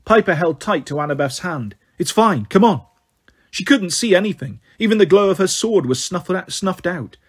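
A man narrating a fantasy novel aloud as an audiobook reader, in a steady storytelling manner. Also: high-pitched, brisk, hardly any pauses, breathy edge. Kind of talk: audiobook reading.

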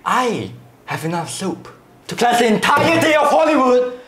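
A man's voice: very high voice, big pitch swings, normal speed, roomy sound, a crowd in the background. A man playing a frustrated actor who is sick of small parts and soap commercials, talking in an indignant, sarcastic way. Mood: bitter. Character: frustrated male actor fed up with bit parts. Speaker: actor in a short film scene. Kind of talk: acting-class film scene.

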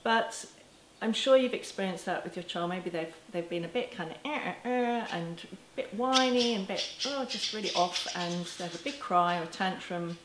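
A woman teaching parents to camera in a gentle, reassuring way, now and then with a soft laugh. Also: lowish voice, moderate pace, few pauses, very noisy. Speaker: parenting educator. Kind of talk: talking to camera. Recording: echoey room with faint ambience.

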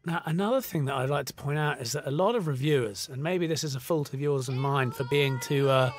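A man's voice: mid-range voice, fairly quick. A man from the United Kingdom talking through a film commentary in a loose, conversational way with many fillers. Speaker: film director.

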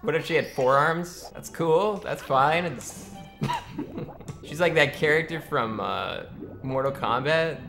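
A man's voice: fairly high pitch, expressive, takes it slowly, gravelly, faint music behind. A young man streaming a game live, chatting with viewers, joking and swearing when the game goes wrong. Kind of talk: live gameplay streaming chat.

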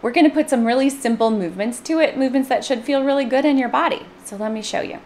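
This librarian talks fast in a high-pitched, slightly mellow voice while reading a picture book to children. She acts out the sound words with playful, big vocal swings, over a slight hiss or hum.

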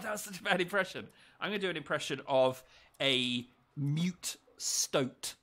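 Male game commentator, chatty and self-deprecating, fairly high, bright and animated. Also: moderate pace. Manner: chatty, joking, self-mocking. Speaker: gaming video commentator. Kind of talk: casual gameplay commentary.

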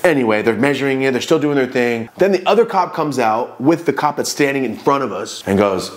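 A man casually telling a storytime story, animated and swearing, acting out the people in it. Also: medium pitch, brisk, hardly any pauses. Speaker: storyteller vlogger.

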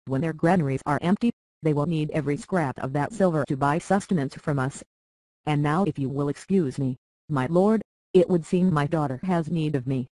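A scheming middle-aged lord, as an audiobook reader puts him on, calm and persuasive, always measured. The read is dry and close-miked, pitched in an even middle range. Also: no room sound, natural voice, low-quality recording. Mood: calculating. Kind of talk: audiobook character reading.

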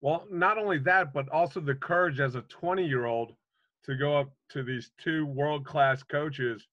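A chatty man hosting a podcast, his voice pitched a little high and sharp in tone. He comes through a dull, dry line with no room sound. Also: unhurried, no room sound. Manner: chatty, easy laugh, asks questions. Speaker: podcast host. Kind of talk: casual interview chat.

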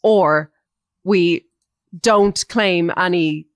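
Animated Irish woman, low voice. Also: very slow, no echo. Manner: animated, emphatic and opinionated. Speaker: podcast co-host. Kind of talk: casual chat.

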